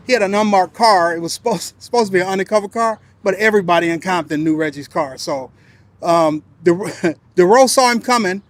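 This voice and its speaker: A retired police officer recounting a case in a relaxed, conversational way, with fillers and pauses. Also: male voice, sits high, no room sound. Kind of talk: storytelling interview.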